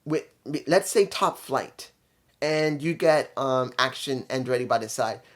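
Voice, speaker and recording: A man's voice: medium pitch, a little slow, fairly bright tone. A man giving a casual spoken review, blunt and opinionated, rambling from point to point. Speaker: wrestling show reviewer.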